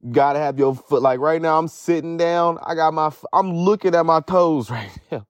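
A man's voice: on the high side, normal speed, dry recording, dull audio. A young man with a slightly raised voice rambles through a casual podcast monologue, swearing freely and checking in with his listeners again and again. He sounds worn down by pain from an injured foot. His voice is dry and close, with no room sound behind it. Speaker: podcast host. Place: sitting outdoors at home.

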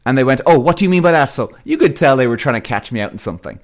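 A man's voice: medium pitch, animated, racing. Blunt, profane man ranting. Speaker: podcast host. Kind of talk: ranting monologue to listeners.

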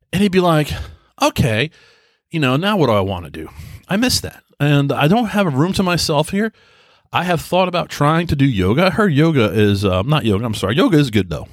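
A man in his thirties talks through a solo podcast from home in a loose, rambling way. He keeps restarting his sentences and poking fun at himself, at an ordinary middle pitch. The sound is dry and close, with no room behind it. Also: no room sound. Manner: rambling and self-deprecating, with frequent restarts and laughs. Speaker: podcast host. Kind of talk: solo casual podcast monologue. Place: quiet home.

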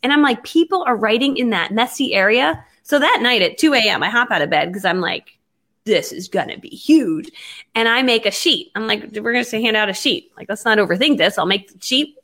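A woman telling a business story in casual conversation, animated and quick to act out her own past lines. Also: fairly high pitch. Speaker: network marketing entrepreneur.

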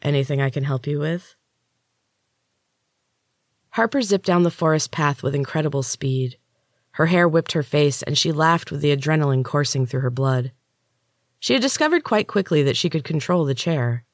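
A man, a podcast host and author, narrating his own dark fantasy story in a measured, even way. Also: on the high side, no room sound, studio quality.

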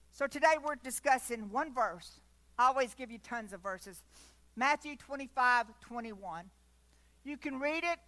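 Brief: woman preacher, high and bright, fervent with hushed asides. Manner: fervent, with sudden drops to a near whisper. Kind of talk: sermon.

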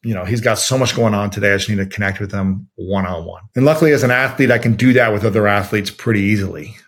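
A man from Ohio telling a story in a relaxed interview, acting out quotes with lots of fillers. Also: lowish voice, fast talker. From Ohio, USA. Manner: animated, quotes himself and others with many fillers. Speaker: podcast host as guest. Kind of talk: conversational storytelling.

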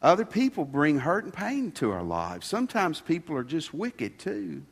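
A man's voice: on the high side, wildly swooping pitch, moderate pace, vocal fry, slightly rough. A man preaching a sermon in a folksy, conversational way, asking his congregation rhetorical questions. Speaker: pastor. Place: church sanctuary. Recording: long hall reverb.

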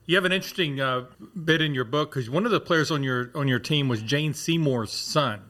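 A man's voice: a little high, fairly quick, fairly bright tone. A man hosting a casual radio interview, chatty and affirming with frequent yeahs. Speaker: interview host.

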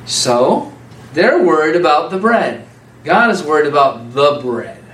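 A man preaching a sermon in a church hall, talking in an animated, conversational way and asking rhetorical questions. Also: a little high, measured pace. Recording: echoey room, speaker far from mic, faint background noise.

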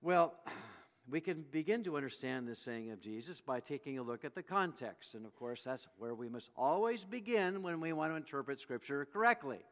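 A man preaching a sermon in a slightly high voice, animated and storytelling, acting out voices as he goes. His words ring out with a long hall reverb, as in a church. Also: moderate pace.

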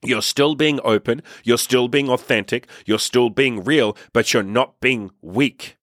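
A man's voice: mid-range voice, measured pace, a bit bright, dry recording, studio quality. A young man hosting a podcast, giving a blunt, emphatic motivational monologue with casual swearing. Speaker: podcast host.

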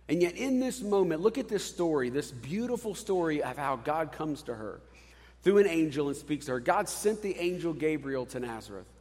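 A man in his thirties, a pastor, preaching a sermon in a conversational, animated way with casual asides. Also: fairly high pitch, moderate pace, in a large hall.

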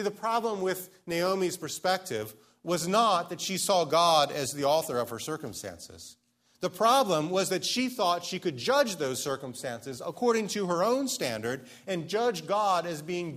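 A man preaching a sermon as pastor to his church, earnest and pleading, slowing down to stress key lines. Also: on the high side, a bit bright. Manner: earnest, pleading, slows down for emphasis.

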